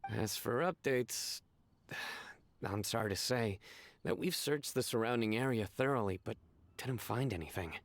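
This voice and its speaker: A man's voice: medium pitch, expressive, a little slow, slight background noise. A man voicing a weary but friendly city guard in a video game. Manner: sighing, friendly.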